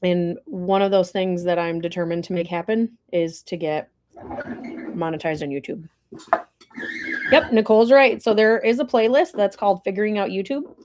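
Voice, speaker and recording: A woman's voice: mid-range voice, darkish tone. A woman hosting a casual livestream from home, chatting and rambling to viewers while eating dinner. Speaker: livestream host.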